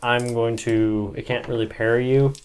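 A man's voice: medium pitch, level tone, moderate pace, darkish tone, a little hiss or hum. A man narrating as game master, casual and joking, swearing now and then and laughing along with the players.

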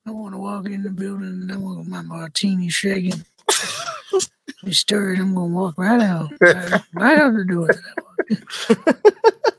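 Man doing a raspy old grump, high, wobbling pitch, dry sound. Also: very animated, unhurried, long pauses, fairly bright tone, no room sound, full character voice, rough recording. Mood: cranky. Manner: laughing through the bit. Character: cranky old man demanding his martini.

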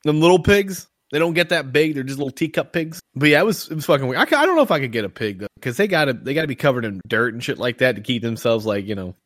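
Fast-talking, cursing podcast host man. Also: medium pitch, lively intonation, a bit bright, no room sound, studio quality. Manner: rambling, swears a lot, lots of fillers. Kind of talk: casual storytelling chat.

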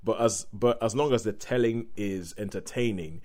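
A man's voice: fairly low pitch, normal speed, a little mellow. A man hosting a casual film chat, asking guests questions and telling his own views at length. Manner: chatty, leads the talk with questions. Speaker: podcast host.

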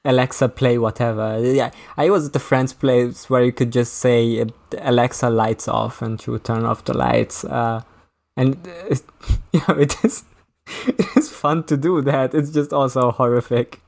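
A man in a casual podcast chat, making dry jokes with hesitant pauses. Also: mid-range voice, vocal fry, darkish tone.

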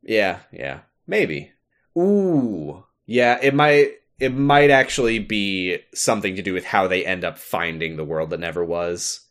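A man's voice: deep voice, animated, a little slow, a bit bright. A man co-hosting a podcast, chatting casually about a video game, laughing often and acting out the characters' lines. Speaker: podcast co-host.

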